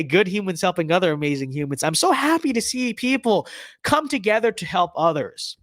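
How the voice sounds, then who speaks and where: A male host of a political commentary show who talks in a sarcastic, mocking tone. He stumbles through fillers and restarts as he goes. His pitch rises and falls a lot, and the sound is dry with no room echo. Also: expressive, brisk, a bit bright.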